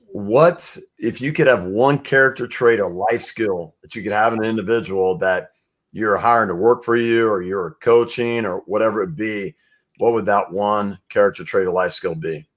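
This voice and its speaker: A man hosting a podcast, asking questions in a relaxed, slangy way. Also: lowish voice, normal speed. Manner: relaxed, slangy, reacts with short interjections. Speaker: podcast host. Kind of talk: casual interview chat.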